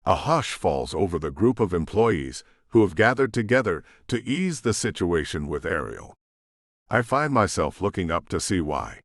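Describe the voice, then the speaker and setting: A man narrating a romance audiobook in an expressive first-person storytelling style. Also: sits low, normal speed, dry recording, clean studio sound. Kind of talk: scripted narration.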